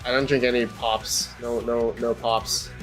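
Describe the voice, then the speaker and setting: A man's voice: medium pitch, level tone, a little slow, faint music behind. A man hosting a casual livestream, chatting to viewers as he tests hardware. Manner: chatty, talks to viewers while working on hardware. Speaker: livestream host.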